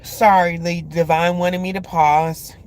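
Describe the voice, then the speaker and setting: A woman's voice: on the low side, flat delivery, measured pace, a little mellow. A woman hosting a love reading, talking casually to her viewers with lots of filler words. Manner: chatty, many filler words; speaks to viewers directly.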